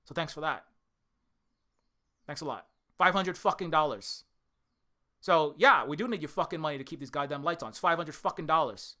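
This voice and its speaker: A man from Hawaii, an indie game developer, delivering a heated, profane rant to camera, repeating himself and swinging from shouting to weariness. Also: a little high, normal speed, long pauses. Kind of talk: direct-to-camera angry rant.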